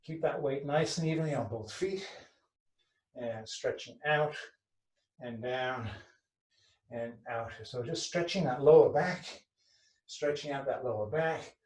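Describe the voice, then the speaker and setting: A man leading a fitness class, giving calm, rhythmic counting cues, speaking some distance from the microphone. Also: mid-range voice, unhurried, long pauses. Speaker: fitness instructor. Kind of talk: guiding an exercise class, then telling a joke. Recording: roomy echo, far from the mic.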